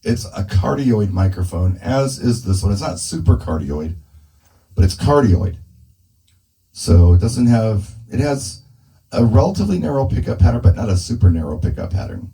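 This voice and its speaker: A mobile DJ tests a handheld dynamic mic through a PA speaker indoors, casually thinking aloud while tweaking the settings. His voice is lowish and dark-toned with big pitch swings, delivered at normal speed, and the recording is rough.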